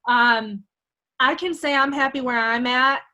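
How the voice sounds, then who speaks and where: A woman's voice: sits high, a little slow, pushed and bright, lo-fi sound. A woman guest talking earnestly and reflectively in a casual chat, with emphatic repetition.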